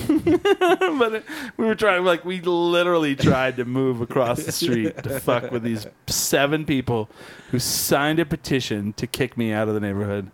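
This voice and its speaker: A man telling a story in casual chat, animated and swearing freely. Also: mid-range voice, moderate pace.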